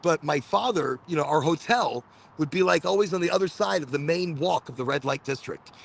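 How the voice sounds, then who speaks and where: Rambling man with a lively, creaky voice. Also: on the high side, a little fast. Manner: rambling, repeats words while telling stories. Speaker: host of a live cannabis podcast. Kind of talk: casual livestream chat. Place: Florida.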